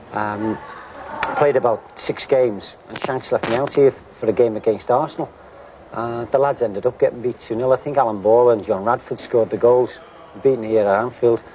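A man's voice: mid-range voice, fairly even intonation, normal speed, dark tone. An older man, a former footballer, telling a story in a wry, anecdotal interview style. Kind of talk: reminiscing interview. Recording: noisy recording.

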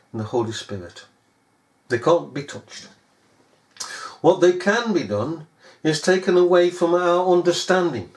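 A man's voice: on the high side, a little mellow. A man preaching a sermon in a scornful, sarcastic manner. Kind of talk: recorded sermon. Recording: echoey room.

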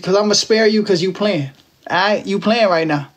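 Young guy from Texas, high pitched, playful slangy livestream banter, talking into his phone. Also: moderate pace. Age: 20s. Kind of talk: casual live-stream chat with viewers.

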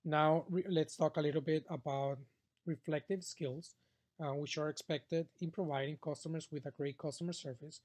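A man's voice: a little high, fairly even intonation, moderate pace, darkish tone. A man teaching a customer service training class, talking straight to the students, with frequent fillers and "okay?" check-ins. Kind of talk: classroom lecture.

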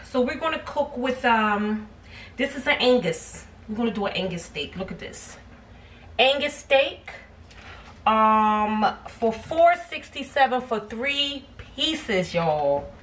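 Her fairly high, fairly bright voice is expressive and slow as she cooks in her home kitchen. This cooking vlogger chats casually with her viewers, calling them "y'all," and the phone camera set back gives distant audio with background noise.

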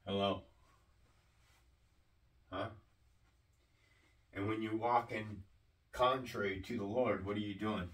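A man preaching a sermon-style teaching, slow and deliberate, often asking his listeners questions. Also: fairly low pitch, steady tone, fairly bright tone, distant mic, poor audio.

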